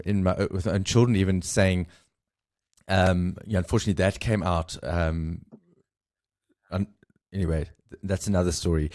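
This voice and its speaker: A man hosting a podcast interview, talking candidly in a halting way with many fillers. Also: low-pitched, darkish tone. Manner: halting, filler-heavy, confessional. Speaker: podcast host.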